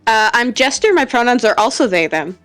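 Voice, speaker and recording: A woman's voice: fairly high pitch, lively intonation, brisk, a bit bright, soft background music. A woman chatting casually as a guest player, enthusiastic and tripping over her words. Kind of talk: casual chat while gaming.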